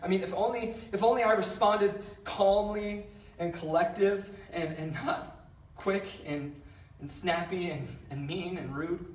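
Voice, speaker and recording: A man's voice: high voice, unhurried, roomy sound, recorded from a distance. A young man giving a casual youth sermon, telling a rambling story with lots of fillers and self-deprecating jokes. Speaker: youth pastor. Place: large church hall.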